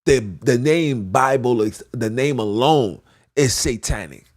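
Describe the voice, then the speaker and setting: A man's voice: medium pitch, lively intonation, measured pace. A man preaching a fervent, repetitive monologue as a podcast host, slipping into archaic scripture phrasing.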